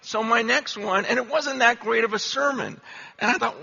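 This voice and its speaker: Animated self-deprecating preacher, bright voice. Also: male voice, high voice, a little fast, gravelly, slightly rough, highs cut off. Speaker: pastor. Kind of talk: humorous sermon storytelling.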